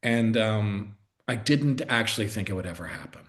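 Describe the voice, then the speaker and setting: A man's voice: on the low side, expressive, normal speed. A middle-aged actor chatting as a guest on a video call, talking in restarts and self-interruptions and growing more enthusiastic as he goes. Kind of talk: casual interview chat.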